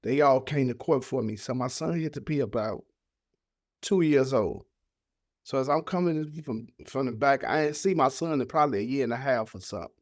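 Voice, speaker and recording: A man appearing as a podcast guest tells an emotional personal story in casual, heartfelt speech, acting out his family members' voices. His mid-range voice is a little fast, and the studio-quality recording is dry.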